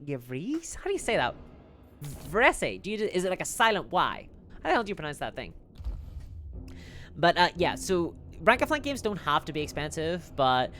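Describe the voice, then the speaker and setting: Male streamer, live game commentary, animated pitch, rambling chat, faint music behind. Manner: lively, rambling, talks while playing.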